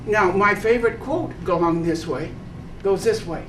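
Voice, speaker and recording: A man's voice: high voice, moderate pace, fairly bright tone. A man leading a workshop, lecturing a live audience and firing rhetorical questions at them. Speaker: workshop leader. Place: indoor workshop room. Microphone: far camera mic, no personal mic. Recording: echoey room from far off with faint noise.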